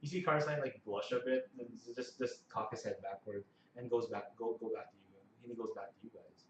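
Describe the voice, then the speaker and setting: A man's voice: medium pitch, steady tone, a little fast, muffled recording. A man running a tabletop game as game master, rambling and laughing as he narrates. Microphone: camera mic. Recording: roomy, distant camera mic with faint noise.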